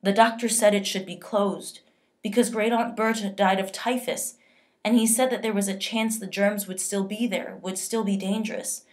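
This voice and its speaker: A woman reading as a quick-witted mother. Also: medium pitch, pitched above the performer's own voice, natural voice. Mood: falsely bright. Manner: calm, then falsely eager and chatty. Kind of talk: reading a novel aloud.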